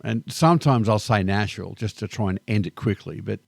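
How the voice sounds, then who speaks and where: A middle-aged Australian man with an Australian accent, reflecting calmly and thoughtfully in a personal vlog monologue. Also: on the low side, creaky, no room sound, studio quality. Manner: calm, unhurried and thoughtful. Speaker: vlogger.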